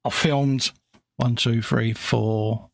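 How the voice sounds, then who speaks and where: A man with a gravelly, fry-laden voice, chatting in a loose and jokey way and rambling on with slang. He sits close to a streaming mic, and the sound is dry and close. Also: medium pitch, fairly even intonation, drawn-out words, no echo. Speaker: co-host. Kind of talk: casual chat. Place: home workshop.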